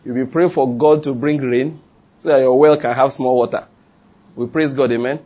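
A man's voice: mid-range voice, normal speed. A man with a Nigerian accent preaching a sermon, telling stories with frequent laughs and questions to his congregation. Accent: Nigerian English. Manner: animated, laughs often, asks the audience questions. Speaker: pastor. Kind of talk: sermon storytelling.

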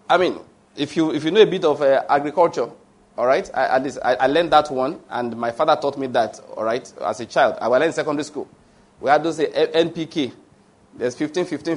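Male preacher, slightly high voice, emphatic and digressive. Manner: emphatic, asks the congregation questions and answers them; digressive, with restarts and fillers. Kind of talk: sermon.

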